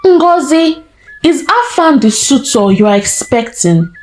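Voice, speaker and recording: A woman storyteller voicing a heartbroken young bride who speaks in a high, shaky, crying voice. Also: very animated, measured pace. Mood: pleading.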